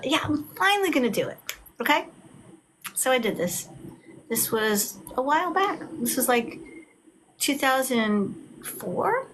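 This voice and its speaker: A middle-aged woman chats as an author guest, her voice sitting a bit high. She tells her stories with animated, acted-out quotes. Faint background noise sits under the recording. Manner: animated storyteller, acts out quotes. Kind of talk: casual video chat.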